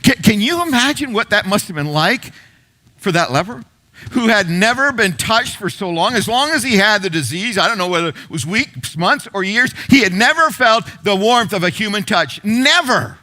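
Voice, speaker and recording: Bright-voiced pastor preaching a sermon. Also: male voice, high-pitched, animated, moderate pace. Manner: storytelling, repeats phrases for emphasis, drops to hushed tones.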